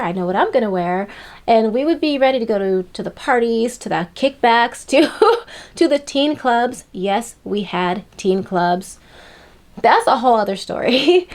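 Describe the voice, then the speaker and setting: A woman's voice: fairly high pitch, darkish tone. A young adult woman vlogger telling stories and giving advice in a chatty, emphatic way. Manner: chatty and emphatic, laughs between points. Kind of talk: casual storytime and advice.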